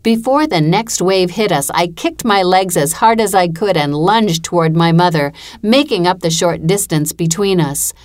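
A woman reads a first-person story aloud in a measured, even storytelling manner, as an audiobook narrator. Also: on the low side.

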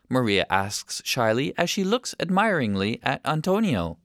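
A man narrating a children's story with an expressive reading. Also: fairly low pitch, a little slow, dry recording, studio quality.

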